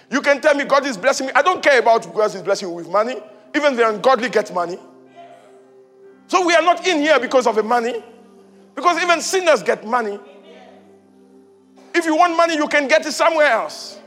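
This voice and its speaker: Brief: very high-pitched male pastor, repetitive preaching that swells to shouts, long church reverb, soft music beneath. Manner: repetitive rhetorical questions, rising to shouts. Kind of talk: sermon. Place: church hall. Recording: reverberant hall with faint music.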